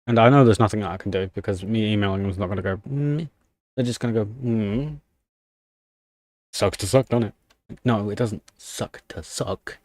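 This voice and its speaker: Guy streaming from his desk, lowish voice, grumbly rant, dry close sound. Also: steady tone, fast, darkish tone, no room sound. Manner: annoyed, ranting while typing commands. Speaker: livestreamer. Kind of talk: casual live stream chat.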